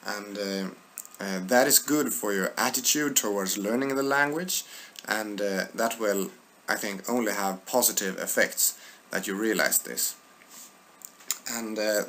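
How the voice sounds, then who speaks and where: Low-voiced guy teaching vocab online, slow and hesitant, lots of uhs. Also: a bit bright, slight background noise. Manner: deliberate, hesitant with frequent filler sounds, repeats words for learners. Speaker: Swedish language teacher. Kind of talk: online language lesson, reading word lists.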